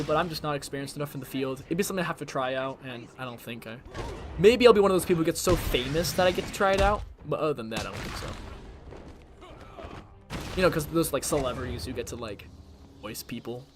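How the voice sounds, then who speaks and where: Against a noisy background, a young man streaming a game rambles casually with many fillers. He sounds animated, with a high-ish voice and a quick pace.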